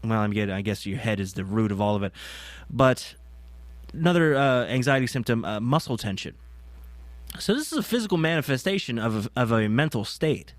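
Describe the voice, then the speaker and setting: A man's voice: mid-range voice, expressive, a little fast, dry recording. A young man hosting his own show, rambling casually and self-deprecatingly, with many fillers and restarts. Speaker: podcast host. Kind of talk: casual solo talk. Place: indoors, on a couch.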